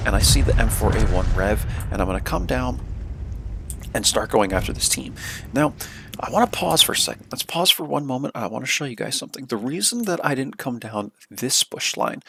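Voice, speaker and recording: A man's voice: mid-range voice, big pitch swings, fairly quick, creaky, fairly bright tone, a little hiss or hum. A man giving casual gameplay commentary as a video creator, with an American accent, repeating words and using many fillers.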